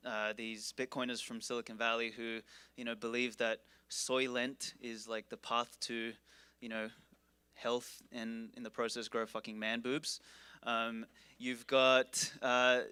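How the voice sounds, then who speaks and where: A man's voice: mid-range voice, sharp tone, smooth, no room sound. A man introducing the next speaker at a conference in a casual, irreverent and profane joking manner. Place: conference stage.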